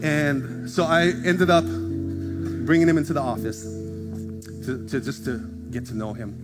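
A man preaches to his congregation in a loose, conversational way, joking around as he tells stories. He slips into other people's voices to act out the conversations. Guitar music plays clearly behind him. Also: a little high, measured pace. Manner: animated, acts out dialogue in shifting voices. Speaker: pastor. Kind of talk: sermon storytelling. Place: church service in front of a congregation. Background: guitar music from the worship team.

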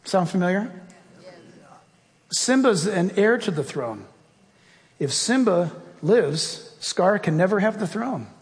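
A high-voiced pastor preaches slowly and deliberately, pressing each point with rhetorical questions. He moves into fervent, rising prayer. His words trail off in the long reverb of a large hall. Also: very animated. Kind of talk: sermon and closing prayer.

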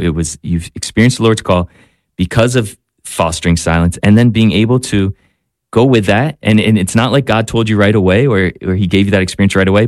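A man's voice: fairly low pitch, a little mellow, no echo, clean studio sound. A man who is a priest and radio guest, speaking reflectively and searching for words with frequent restarts. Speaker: priest and spiritual director guest. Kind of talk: radio talk show conversation.

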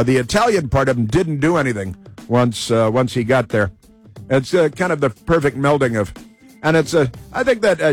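A male radio host giving sarcastic, mocking talk radio commentary. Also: mid-range voice.

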